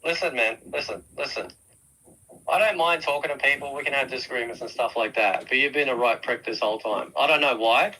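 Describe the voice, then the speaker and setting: Man in a voice chat, crisp bright tone, dismissive and unbothered. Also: medium pitch, brisk, slight background noise, low-quality recording. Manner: dismissive, flat replies. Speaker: gamer in a voice call. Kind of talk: casual chat.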